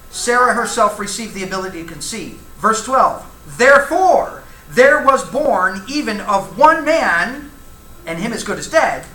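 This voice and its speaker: A man leads a Bible class in a conversational way, putting questions to the room and reading verses aloud. His voice is bright and lively in pitch. The sound is roomy and echoey, with a faint hum of ambience behind him. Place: church classroom.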